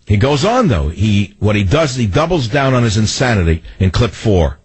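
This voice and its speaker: Husky-voiced man ranting on talk radio. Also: lowish voice, big pitch swings, moderate pace, low-quality recording. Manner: mocking, sardonic ranting. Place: radio studio.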